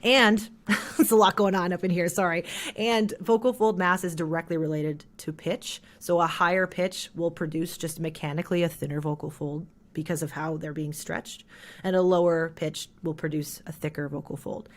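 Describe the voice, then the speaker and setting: A trans non-binary voice teacher in an interview, explaining how voices are shaped and demonstrating pitch and resonance shifts. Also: steady tone, normal speed.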